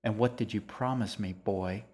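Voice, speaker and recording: A man's voice: lowish voice, normal speed, darkish tone, natural voice. A man voicing a menacing, falsely smiling man who coaxes and threatens a boy in an audiobook reading. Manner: cold, coaxing, threatening.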